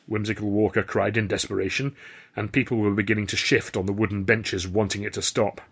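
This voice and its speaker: A man's voice: on the low side, fairly even intonation, brisk, a bit bright, slightly rough. A man reading his own novel aloud in first person, with a dry, wry storytelling manner. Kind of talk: first-person audiobook narration.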